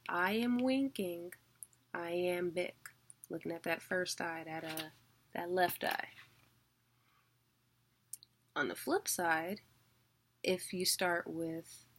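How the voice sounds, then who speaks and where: A woman's voice: fairly low pitch, fairly bright tone. A woman teaching a casual online lesson, chatty and full of fillers as she explains things visually.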